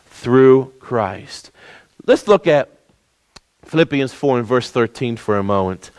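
A man preaching a sermon, swinging between loud emphatic peaks and low, quiet stretches, calling for amens. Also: no echo. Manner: call-and-response preaching, rising and falling emphatically.

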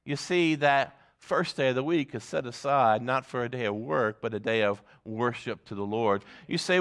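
A man's voice: mid-range voice, normal speed, hardly any pauses, a bit bright. A man preaching an earnest, emphatic sermon as pastor in a church.

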